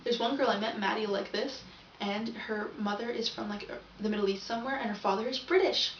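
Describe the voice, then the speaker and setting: A woman's voice: fairly high pitch, fairly even intonation, a little fast, slight background noise. Chatty young woman, echoey distant sound. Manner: chatty, rambling, self-correcting. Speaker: vlogger. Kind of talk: casual video diary. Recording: echoey, dull, from off the mic.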